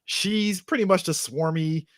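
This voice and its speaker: A man's voice: high voice, a little slow, no echo, studio quality. A man co-hosting a podcast who chuckles and explains things in long run-on sentences. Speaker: podcast co-host. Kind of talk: casual chat.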